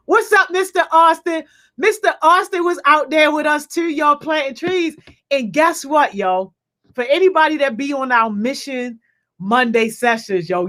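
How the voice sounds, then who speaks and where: High-voiced, lively woman hosting a video call. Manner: energetic, slangy, peppers speech with "yo" and laughter. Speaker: youth program host. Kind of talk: casual shout-outs on a video call.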